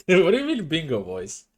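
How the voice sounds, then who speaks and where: A young man is livestreaming from a room at home, talking casually to his viewers through a desk microphone. His voice sits fairly high with a darkish tone, and he swears a lot while sounding self-conscious.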